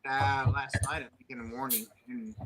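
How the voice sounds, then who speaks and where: A man's voice: mid-range voice, little pitch movement, normal speed, background noise. A man chatting casually on a live stream, easygoing and agreeable, laughing along with the others.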